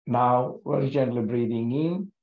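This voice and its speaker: Slow, gentle male yoga teacher. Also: medium pitch. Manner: gentle, calm, soothing, many pauses. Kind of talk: guided yoga breathing instruction. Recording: echoey room, dull lo-fi sound.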